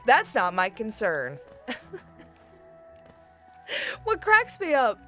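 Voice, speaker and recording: Animated laughing woman streamer. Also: fairly high pitch, very slow, soft background music. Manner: animated, laughing often, swears freely. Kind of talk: casual gameplay chat with chat.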